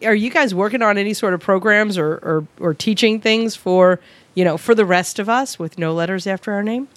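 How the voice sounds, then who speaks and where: A woman's voice: mid-range voice, a little fast, dry recording. A woman hosting an interview, chatty and joking, rambling through her questions. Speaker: interview host. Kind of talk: casual interview chat.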